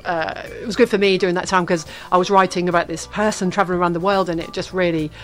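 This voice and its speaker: A woman's voice: fairly low pitch, fairly even intonation, fast, faint music behind. A woman from the UK, an author being interviewed, talking in a chatty, rambling way with frequent laughs. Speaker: author guest. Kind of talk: casual interview chat.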